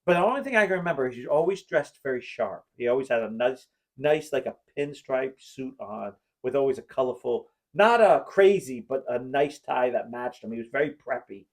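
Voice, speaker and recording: A man's voice: medium pitch, expressive, fairly quick, hardly any pauses. A man on a podcast telling a long, rambling story from his school days, acting out the people in it and laughing at his own jokes. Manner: rambling anecdotes, acts out quoted voices, bursts of laughter. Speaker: podcast host. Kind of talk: casual storytelling chat.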